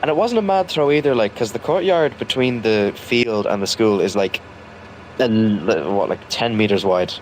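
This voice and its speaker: A man's voice: lowish voice, a little hiss or hum, rough recording. A young man casually telling a story from his school days, rambling with lots of fillers and restarts. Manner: rambling, halting, full of fillers.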